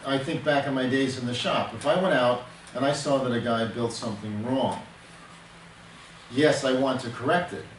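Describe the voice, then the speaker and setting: An older man counseling and teaching in earnest, mid-pitched, leaning on homely examples and stopping to restart his thoughts. He sits back from the mic in a roomy, echoing space with a faint hiss underneath. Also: normal speed. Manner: earnest, explains with everyday examples and many restarts. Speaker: temperament counselor. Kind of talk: teaching talk in a counseling session. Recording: echoey room, distant mic, faint noise.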